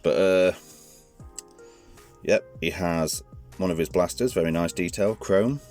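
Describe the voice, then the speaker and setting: A man with a very low, deep voice talks through a hands-on toy review in a loose, rambling way, often correcting himself mid-sentence. Faint music plays underneath. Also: unhurried, a little mellow. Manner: chatty, rambling, self-correcting.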